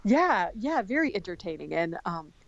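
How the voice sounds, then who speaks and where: Chatty American woman guest, mid-pitch, dry slightly lo-fi sound. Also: normal speed, no room sound. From United States. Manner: animated and talkative, many restarts. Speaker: podcast guest. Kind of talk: casual conversation.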